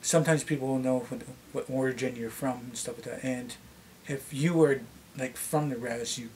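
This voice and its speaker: A middle-aged man with a Canadian accent and a slightly deep voice, chatting casually to camera and rambling with many restarts. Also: steady tone, normal speed, a little mellow, slight background noise. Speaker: vlogger.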